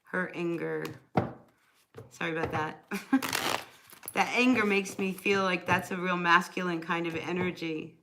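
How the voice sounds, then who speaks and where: A woman's voice: fairly low pitch, unhurried, pauses often, noisy background. A woman chatting casually during a live tarot reading, answering viewers by name and laughing often. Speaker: tarot reader.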